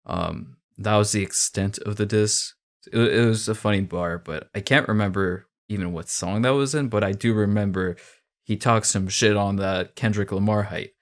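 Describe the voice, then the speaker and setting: A man's voice: lowish voice, fairly even intonation, normal speed. A man giving casual reaction commentary on a rap song, chatting and breaking down the rhymes and wordplay. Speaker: music reaction streamer.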